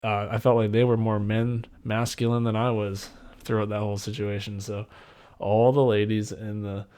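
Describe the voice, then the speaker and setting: A young man hosting a solo podcast, telling a personal story in a rambling, excited way with many restarts. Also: lowish voice, moderate pace, clear, resonant tone. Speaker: podcast host.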